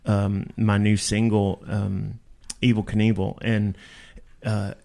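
A man's voice: lowish voice, level tone, slow pace, gravelly, a little mellow. A man, a rock vocalist as guest, telling stories bluntly and with plenty of cussing in a casual interview. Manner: blunt, profane, rambling.

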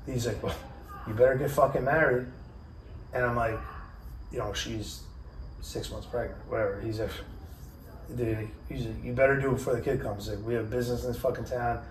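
A man's voice: mid-range voice, a little fast. Profane New man telling a story. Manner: profane, animated storyteller who acts out quotes. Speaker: podcast host. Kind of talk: casual storytelling. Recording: roomy, distant mic with faint noise.

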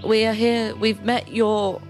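A woman playing in a tabletop game, talking in a halting, playful way. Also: fairly high pitch, level tone, soft background music. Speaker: player. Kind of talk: casual tabletop play.

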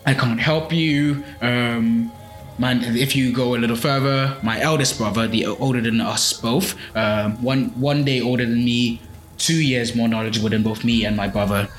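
A man's voice: medium pitch, steady tone, moderate pace, close to an everyday voice. A man voicing a hungry giant male ogre, quoted matter-of-factly in his retelling, in an echoey room. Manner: plainly quoted, matter-of-fact. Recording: echoey room with faint music.

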